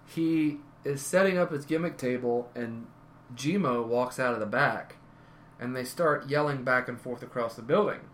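A man's voice: medium pitch, moderate pace, a bit bright, slight background noise. A man telling rambling wrestling stories in casual conversation, often correcting himself. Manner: rambling, self-correcting anecdotes. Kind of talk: casual storytelling.

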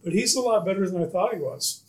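Higher-voiced man with brisk podcast takes. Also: a little mellow, rough recording. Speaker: podcast co-host. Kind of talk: casual chat.

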